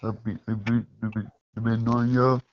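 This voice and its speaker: A man church member giving halting, repetitive thanks on a Bible study call. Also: on the low side, level tone. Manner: halting, repeats words. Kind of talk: casual testimony on a church call. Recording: muffled phone call with hiss.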